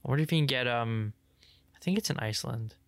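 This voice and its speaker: Young dude rambling about cars n stuff, lots of likes, clean smooth voice. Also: male voice, mid-range voice, quick pace, no echo. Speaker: podcast co-host. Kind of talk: casual chat.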